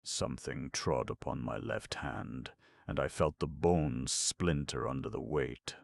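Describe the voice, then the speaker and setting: A man narrating a ghost story in a measured, dramatic reading. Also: rumbling low, creaky, dry recording. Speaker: audiobook narrator.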